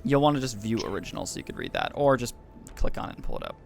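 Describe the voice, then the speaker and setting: A man narrating as game master of an online tabletop game, relaxed, with frequent fillers and throat clearing. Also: mid-range voice, racing, faint music behind.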